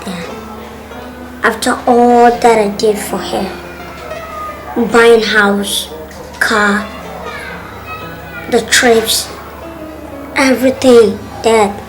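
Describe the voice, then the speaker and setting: A man playing a heartbroken young son who complains slowly and plaintively about his girlfriend. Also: high-pitched, steady tone, music in the background, low-quality recording. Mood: dejected. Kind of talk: Ghanaian movie acting.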